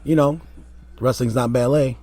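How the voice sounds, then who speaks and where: A man, a former wrestler, telling rambling, animated stories in a casual interview. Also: mid-range voice, moderate pace. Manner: rambling, animated anecdotes with quoted voices.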